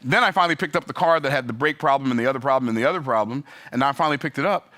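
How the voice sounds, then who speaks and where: Exasperated man ranting, bright voice. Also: mid-range voice, rapid-fire. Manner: exasperated, emphatic, sarcastic asides. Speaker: business vlogger. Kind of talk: animated storytelling rant.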